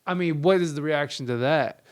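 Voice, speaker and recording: Man, podcast co-host, animated and swears freely; slightly higher voice, smooth tone. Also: moderate pace. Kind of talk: casual podcast chat.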